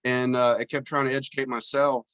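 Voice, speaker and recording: A man's voice: mid-range voice, little pitch movement, brisk, fairly bright tone, smooth, no echo. A man speaking on a video call with his camera off, modest and plainspoken, telling how it went. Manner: modest, plainspoken, laughs easily. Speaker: caller, business owner. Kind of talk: casual Zoom group chat. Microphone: video call, audio only.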